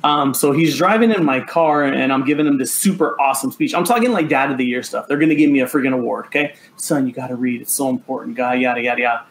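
A man with a mid-range voice tells jokey family stories on a podcast, animated and playfully acting out the lines of his wife and kids. His voice carries over a faint bed of background noise. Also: medium pitch, fast, hardly any pauses, poor audio. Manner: animated, jokey storyteller who acts out family dialogue. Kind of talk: casual storytelling.

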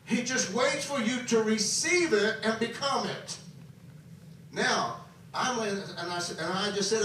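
A man preaching a sermon, swinging between soft and loud and repeating phrases for emphasis. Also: sits high, measured pace, slight background noise. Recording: very echoey hall, voice from far off.

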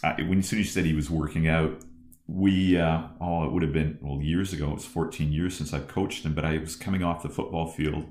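A man in his fifties hosts the conversation. His voice is deep and he tells his story with lots of starts and restarts. The room around him adds a noticeable echo. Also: fairly quick. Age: 50s. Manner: animated storyteller with many restarts. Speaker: podcast host and former football coach. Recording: roomy echo.

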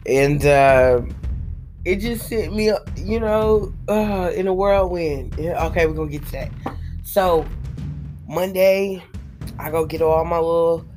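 A woman vlogger, hoarse and worn out after being sick, tells a rambling, profane story to her viewers with lots of fillers. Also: on the low side, animated, unhurried, darkish tone, soft background music. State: tired and hoarse after a week of illness.

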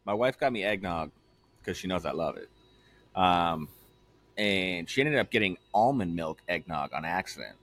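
A man's voice: sits low, expressive, moderate pace, a bit bright. A young man co-hosting a casual podcast, loose, joking and swearing freely. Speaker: podcast co-host.

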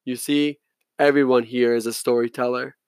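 A man's voice: mid-range voice, level tone, normal speed, a little mellow, smooth, no room sound, clean studio sound, natural voice. A man voicing an older Afghan general who speaks with thin politeness and veiled menace. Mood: veiled threat.

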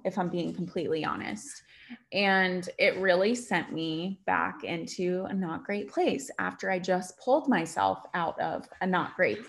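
Candid, rambling woman podcaster, lower voice. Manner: candid and rambling, with many fillers and retold dialogue. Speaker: podcast host. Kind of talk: casual confessional chat.

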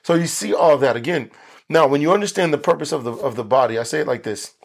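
A man's voice: fairly high pitch, fast talker, creaky. Earnest man preaching a Bible study. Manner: earnest, emphatic, repeats key phrases for stress. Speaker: pastor teaching Bible study. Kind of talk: Bible study sermon recorded for video.

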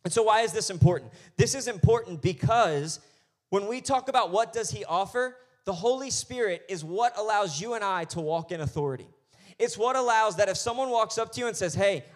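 A man preaching a sermon as pastor, swinging between quiet asides and loud, emphatic lines. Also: high-pitched, lively intonation, a little fast.

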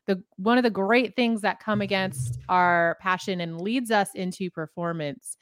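A woman's voice: mid-range voice, measured pace, no echo, clean studio sound. A woman co-hosting a faith podcast, chatty and easygoing, sometimes hunting for the right word. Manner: chatty, searches for words, laughs easily. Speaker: podcast co-host. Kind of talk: casual podcast chat.

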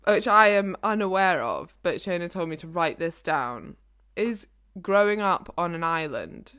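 English woman chatting on a podcast, laid back, slightly low voice. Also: lively intonation, a bit bright, smooth. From England. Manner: easygoing, chatty, quick to laugh. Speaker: podcast co-host. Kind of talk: casual chat.

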